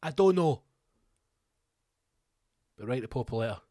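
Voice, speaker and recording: A Scottish man hosts his own comedy podcast in a loose, rambling way, tossing in curses and jokey asides. His voice sits at an ordinary middle pitch for a man. The sound is close and dry, with no room echo around it. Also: animated, measured pace, dark tone. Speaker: podcast host.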